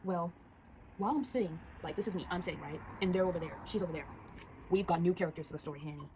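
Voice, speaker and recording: A teenage girl chatting casually and rapidly, telling a story while drawing and acting out the voices of the people in it. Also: fairly low pitch, mellow, slight background noise, low-quality recording. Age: teens. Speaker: storyteller vlogger.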